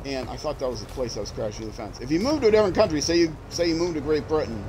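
A man's voice: a little high, big pitch swings, racing, a crowd in the background, poor audio. A man streaming a game, chatting casually as he plays, musing aloud and restarting his sentences. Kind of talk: casual gameplay commentary.

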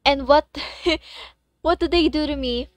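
A young woman streaming a game, chatting casually with her viewers, excitable and swearing freely. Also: high-pitched, measured pace, no echo. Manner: excitable, swears freely, gasps and shrieks in surprise.

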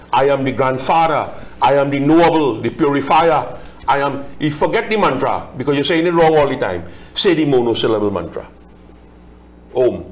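Male pandit, chants verses then explains them line by line, mid-pitched voice. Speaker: Hindu pandit discussing scripture. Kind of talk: religious discussion, reciting Sanskrit verses.

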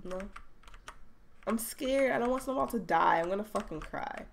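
A woman's voice: mid-range voice, lively intonation, normal speed, gravelly. A woman giving jumpy, profane commentary while playing a horror game, chatting to her viewers. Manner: jumpy, swears a lot, talks to viewers. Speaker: let's play gamer. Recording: loud background noise with clicks.

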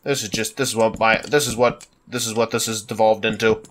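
A man's voice: lowish voice, flat delivery, brisk, a bit bright, slight background noise. A man with a congested, sinus-stuffed voice giving rambling, self-mocking let's play commentary at a desktop microphone. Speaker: gaming YouTuber.

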